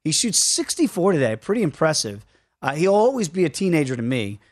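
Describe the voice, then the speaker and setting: A man's voice: on the high side, sing-song, brisk, dry recording, clean studio sound. A man hosting a sports betting radio show, chatting casually in a rambling, jokey way and doing live ad reads.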